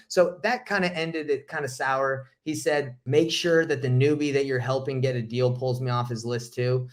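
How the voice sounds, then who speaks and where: A man's voice: medium pitch, fairly even intonation, normal speed, few pauses. A man coaching on real estate wholesaling, telling a story to camera in a blunt, slangy, heated way.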